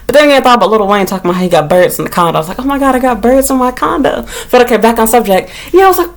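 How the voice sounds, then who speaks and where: Animated, rambling woman vlogging at home. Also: racing, few pauses. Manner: animated, rambling, heavy use of "like", swears freely; shrieks and jumps high when retelling her panic. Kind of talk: casual rambling vlog monologue. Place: at home in her small apartment.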